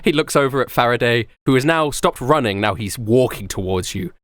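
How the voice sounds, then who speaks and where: Game master man, lively pitch, dry close sound, tabletop narration. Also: brisk, dry recording. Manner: animated, laughing, rambling.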